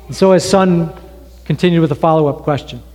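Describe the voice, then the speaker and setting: A man preaching a sermon in a church, telling an illustration story in a conversational way with pauses. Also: fairly high pitch, warm tone. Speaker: pastor. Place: church sanctuary. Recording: long reverb of a hall.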